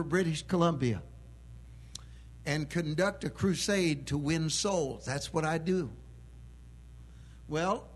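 High-voiced emphatic male preacher. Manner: emphatic preaching that swells into loud proclaiming. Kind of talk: sermon.

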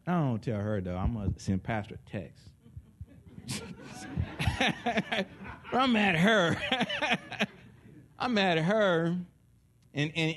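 Male preacher, lively sermon delivery with acted-out voices, voice a bit high. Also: slow pace, pauses often. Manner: animated preaching, acting out voices, laughing with the congregation. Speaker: pastor.

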